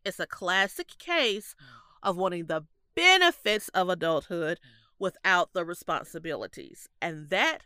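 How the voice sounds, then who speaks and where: A woman's voice: fairly low pitch, a little slow, smooth, dry recording, clean studio sound. A woman in her thirties co-hosting a podcast in casual chat, congested from allergies, laughing often as she tells stories. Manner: laughs often, animated storytelling. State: congested, stuffy nose. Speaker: podcast co-host.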